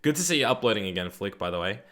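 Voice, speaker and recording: A man's voice: lowish voice, big pitch swings, rapid-fire, a bit bright. A young Australian man streaming a game live, chatting in a laid-back, rambling way, answering viewers and swearing casually. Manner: reads viewer chat aloud and answers it. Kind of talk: live gaming stream chat.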